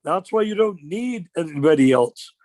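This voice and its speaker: An older man leading an informal religious discussion on a video call, telling stories with rhetorical questions in an animated way. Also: on the high side, moderate pace, no room sound. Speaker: discussion leader.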